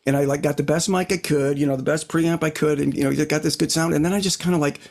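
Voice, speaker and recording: Into his own desk mic, a middle-aged podcast co-host talks guitars casually, rambling and reflecting with frequent "you know what I mean" asides. He speaks quickly in a slightly high voice with fairly even intonation and vocal fry.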